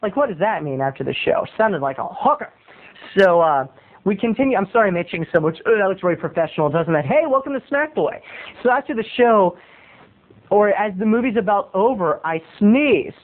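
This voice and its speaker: A man's voice: high voice, lively intonation, fairly quick. Chatty man telling a rambling comic story. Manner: chatty, playful, digressive. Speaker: video blogger. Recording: tinny phone-like recording.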